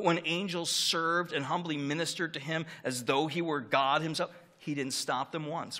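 Male pastor, bright forward tone, earnest emphatic sermon delivery. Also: mid-range voice. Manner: earnest, emphatic preaching with rising and falling emphasis.

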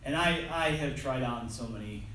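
A man's voice: medium pitch, moderate pace, sharp tone. A man preaching a sermon in a church hall, conversational and self-deprecating, with frequent restarts. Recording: echoey hall from far off, faint noise.

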